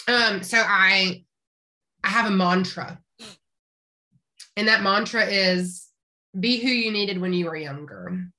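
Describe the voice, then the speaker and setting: A veterinarian in her thirties from rural East Tennessee, in Appalachia, chats as a podcast guest in a casual interview. Her lowish voice is bright and forceful, and she's upbeat and talkative, laughing often and frequently restarting her sentences.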